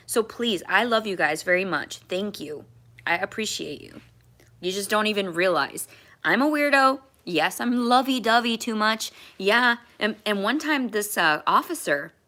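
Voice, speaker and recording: A woman's voice: mid-range voice, bright, forceful tone. A woman chatting on a livestream in a rambling, emotional way, with casual swearing.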